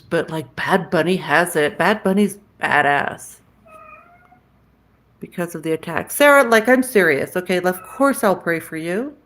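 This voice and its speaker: A woman hosting a casual livestream, chatting frankly with viewers and answering their comments aloud, with the odd curse word. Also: low voice. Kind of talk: casual live-chat talk.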